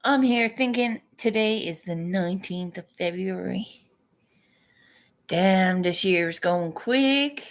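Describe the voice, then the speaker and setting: A woman's voice: mid-range voice, takes it slowly. A woman chatting casually to her viewers in a morning vlog, swearing and laughing often as she talks. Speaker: vlogger.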